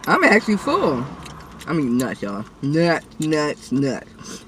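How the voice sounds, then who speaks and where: A woman's voice: deep voice, huge pitch swings, slow, background noise. A woman, chatting playfully with viewers about her meal on her eating show. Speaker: mukbang vlogger. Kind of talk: casual eating show chat.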